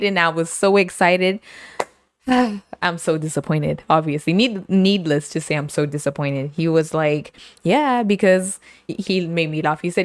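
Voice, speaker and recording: A young woman from Canada hosting a podcast, telling her week's story in a casual, animated way and acting out the people in it. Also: sits low, a little slow, dry recording. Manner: animated storytelling with laughs and acted-out quotes. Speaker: podcast host. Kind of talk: casual chat.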